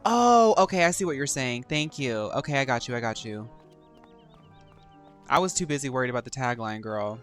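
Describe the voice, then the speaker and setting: A man's voice: mid-range voice, animated, fairly quick, a bit bright, faint music behind. A young man streaming a video game, reacting with sassy, campy banter and playful teasing. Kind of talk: live game stream commentary.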